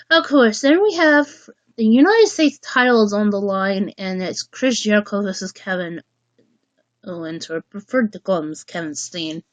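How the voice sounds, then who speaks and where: A woman hosting a casual livestream chat, rambling and halting as she restarts her sentences. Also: medium pitch, dry recording. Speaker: livestream host.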